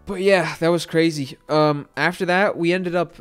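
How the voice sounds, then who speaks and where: A young man telling a story to his stream chat, excitable and rambling, with lots of fillers and swearing. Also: a little high, moderate pace, smooth, faint music behind.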